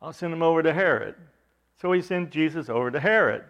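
A man's voice: a little high, expressive, fast, a bit bright, highs cut off. A man preaching a sermon, retelling a scripture passage with quoted dialogue and frequent restarts.

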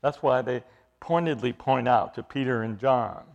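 Lively, emphatic male preacher. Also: mid-range voice, normal speed. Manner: emphatic, repeats phrases for stress; asks the listeners questions. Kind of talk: expository sermon.

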